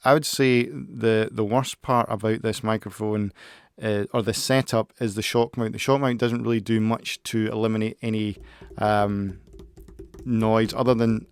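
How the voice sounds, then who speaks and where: A man's voice: lowish voice, a little hiss or hum. A man giving a casual tech review into a close studio mic at his desk, rambling and hesitant, with many restarts. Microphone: close-up studio microphone.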